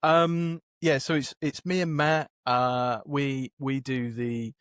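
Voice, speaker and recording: A man's voice: medium pitch, steady tone, slow pace, a bit bright, clear, resonant tone, dry recording. Man, podcast guest, hesitant, self-deprecating, dry recording. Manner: hesitant, self-deprecating, many fillers and restarts. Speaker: guest, game developer. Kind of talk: casual podcast interview.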